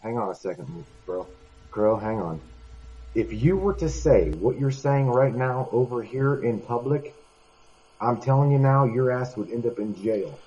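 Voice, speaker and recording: A man's voice: medium pitch, lively intonation, a little slow, dark tone, breathy edge, dull audio. A man in a heated voice-chat debate, exasperated and cutting in repeatedly. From United States. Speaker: voice chat participant. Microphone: computer mic in voice chat.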